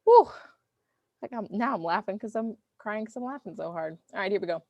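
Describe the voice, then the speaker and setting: A woman teacher, running a review game for her online class in a playful, teasing, animated way. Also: medium pitch, fairly quick, dry recording. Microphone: computer mic on video call.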